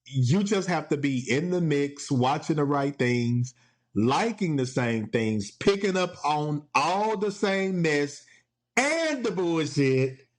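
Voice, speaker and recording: A man's voice: on the high side, expressive, slow pace. Playful man, solo podcast chat. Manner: playful, laughs often, quotes TV clips in put-on voices. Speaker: podcast host. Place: home.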